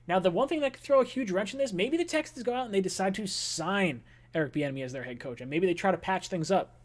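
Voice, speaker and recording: A man's voice: high voice, lively intonation, fast. A man hosting a sports fan call-in show, talking loosely and chattily with lots of filler words. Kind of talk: casual sports talk.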